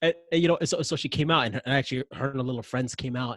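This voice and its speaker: A man, a podcast guest, telling casual anecdotes in an animated way, acting out his own raised voice. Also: mid-range voice, very fast, no room sound, clean studio sound. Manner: animated, acts out yelling in anecdotes. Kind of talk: casual interview storytelling.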